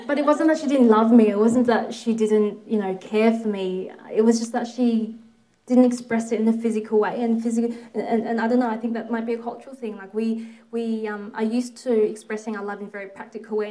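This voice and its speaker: Woman from australia, reflective storytelling, mid pitch, soft laughs. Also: poor audio. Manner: reflective, anecdotal, with soft laughs and quoted asides. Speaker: speaker telling a family story. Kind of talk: personal storytelling talk.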